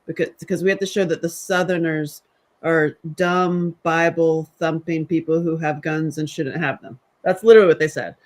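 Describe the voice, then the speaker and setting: A man's voice: on the high side, moderate pace. Southern guy telling a story, lots of voices for other people, chatty. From American South. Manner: animated storyteller, acts out quotes. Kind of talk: casual chat.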